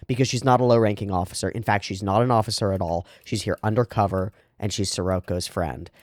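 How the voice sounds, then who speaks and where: A man's voice: fairly low pitch, fast, few pauses, no echo, studio quality. A man hosting an anime reaction video, chatting casually about what he sees and reading lines of dialogue aloud. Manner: animated, quotes dialogue and muses aloud, swears casually.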